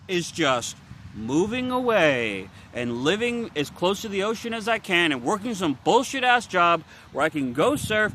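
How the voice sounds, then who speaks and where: A man's voice: sits high, pushed and bright, slight background noise. A young man venting in a confessional vlog, frustrated, weary and swearing bluntly as he talks. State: weary and worn out. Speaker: vlogger.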